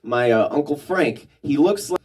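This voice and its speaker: A man from New Mexico doing a stand-up comedy set, rambling and halting with many ums. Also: a little high, animated, a little mellow, distant mic.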